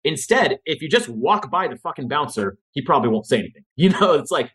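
A man talking as a guest in a casual podcast conversation, energetic, casual and profane. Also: a little high, a little fast, breathy edge.

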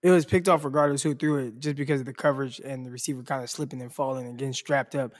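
A man's voice: medium pitch, fairly even intonation, rapid-fire. A man co-hosting a sports podcast in casual chat, talking loosely with lots of fillers and slang. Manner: loose and rambling, heavy on "like" and "bro".

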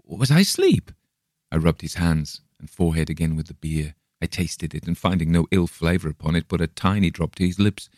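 A man reading a gothic tale aloud in the first person, measured and suspenseful, on a close microphone. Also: deep voice, level tone, a little mellow, no echo. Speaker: audiobook narrator. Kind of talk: storybook reading.

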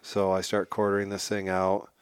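A man as a podcast guest, telling a hunting story in a casual, animated way and acting out what people said. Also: sits low, normal speed, smooth, no echo, clean studio sound. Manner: animated, acts out quotes.

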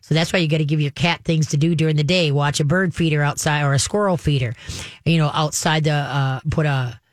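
Man, radio pet advice host, folksy, rambling, fillers, fairly high voice, dry studio sound. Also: fairly even intonation, a little fast, dry recording. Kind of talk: call-in radio advice talk.

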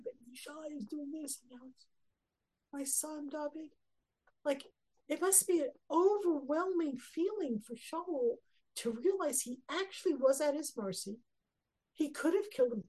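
A woman's voice: high voice, mellow, poor audio. A woman teaching a Torah lesson, reading Hebrew verses and explaining them earnestly. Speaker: Bible teacher.

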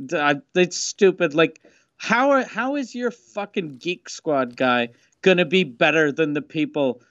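A man's voice: on the high side, lively intonation, unhurried, fairly bright tone, no room sound, dull audio. A man chatting casually and telling a rambling, profane anecdote. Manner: rambling, profane, hesitant fillers. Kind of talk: casual chat.

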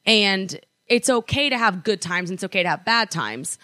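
Bright-voiced young woman chatting. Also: medium pitch, expressive, moderate pace, no room sound, studio quality. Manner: chatty, lots of likes and restarts. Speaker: podcast co-host. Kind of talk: casual chat. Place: apartment.

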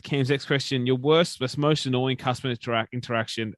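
Laid-back podcast co-host. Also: male voice, mid-range voice, steady tone, brisk, no room sound. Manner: laid-back, filler-heavy. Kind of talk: casual chat.

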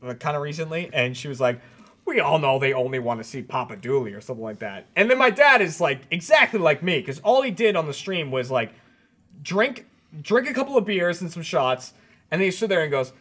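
Male podcast co-host, casual chat, rambling anecdote, slightly high voice, lively pitch. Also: a little fast. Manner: rambling storyteller, laughs often.

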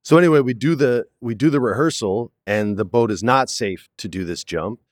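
At a normal speed and in a mid-range voice, an actor in his forties relates stories during a relaxed in-studio interview. He's lively, dramatizes the quotes and keeps saying "man." The audio is clean studio sound with no room noise.

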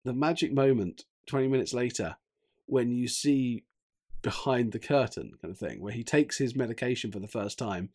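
A man talking casually about a film, animated and acting out quoted lines. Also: mid-range voice, moderate pace. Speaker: film reviewer.

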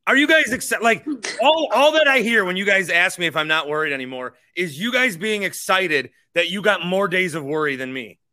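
A man hosting a sports talk podcast, venting about his team with sarcasm and the odd curse. His voice is bright and a touch high for a man, with a ringing, forward tone. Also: a little fast, hardly any pauses. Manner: animated, sarcastic, swearing. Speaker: podcast host.

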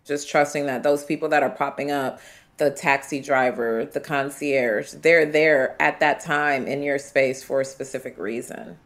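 A woman from the United States, a traveler and interview guest, telling her travel stories in an animated, vivid way. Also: extremely low pitch, unhurried. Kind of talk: storytelling in an interview.

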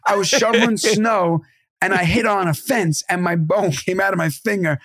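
A man in his thirties co-hosting a podcast, telling animated, profane family stories in casual chat. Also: high voice, moderate pace, no echo, clean studio sound. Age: 30s. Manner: animated, swearing, acts out family voices. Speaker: podcast co-host.

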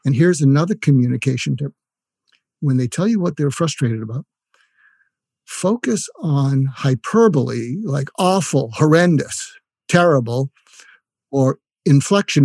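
An older man with a dark, husky voice explains communication tips in an earnest, conversational way. He often drops into short acted examples of what to say. The sound is dry and close. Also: mid-range voice, moderate pace, dry recording. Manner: earnest, demonstrates phrases in a softer voice. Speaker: guest psychiatrist and coach.

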